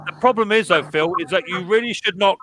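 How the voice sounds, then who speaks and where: A man's voice: sits high, quick pace, noisy background. A man hosting a casual live stream chat, teasing his guests and telling stories. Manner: teasing storyteller. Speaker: host.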